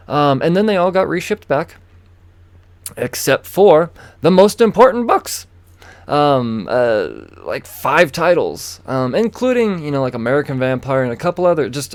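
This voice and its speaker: A man hosting a casual solo podcast, rambling and chatty, repeating himself and breaking off into asides. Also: mid-range voice. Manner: rambling, chatty, self-interrupting with fillers and repeats. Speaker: podcast host. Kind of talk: casual solo comic book chat.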